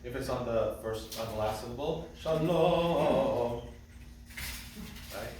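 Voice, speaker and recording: A man's voice: mid-range voice, fairly even intonation, brisk, a little mellow, a little hiss or hum. A man teaching a trope class as cantor, who speaks patiently and chants the phrases. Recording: echoey room, mic at a distance.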